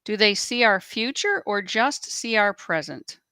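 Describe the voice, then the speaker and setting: A woman moderating a live session, reading viewers' questions aloud in a brisk, matter-of-fact way. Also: medium pitch, animated, bright, forceful tone, clear, resonant tone, no echo.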